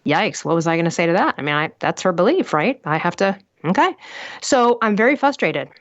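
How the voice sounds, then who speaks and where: A woman guest on an interview podcast tells stories bluntly and emphatically, full of rhetorical questions, in animated interview talk. Her voice is fairly low, sing-song, fairly quick and fairly bright. The recording is dry and muffled.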